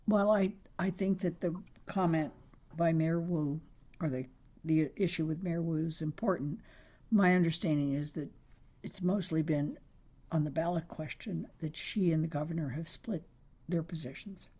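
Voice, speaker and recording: A hoarse woman on a town committee asking measured questions. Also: low voice, mellow. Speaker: committee member.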